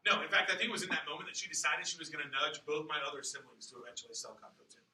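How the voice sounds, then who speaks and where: A young man leading a motivational training talk for new sales staff, energetic and asking the room rhetorical questions. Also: fairly high pitch, racing. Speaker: sales office manager. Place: room with audience. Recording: echoey room, mic at a distance.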